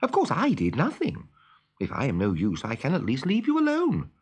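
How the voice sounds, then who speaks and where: A man reading a storybook aloud and voicing a prim, well-spoken girl who is kind and motherly but quick to take offence. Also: a little high, wildly swooping pitch, slightly rough, pitched above the performer's own voice, full character voice.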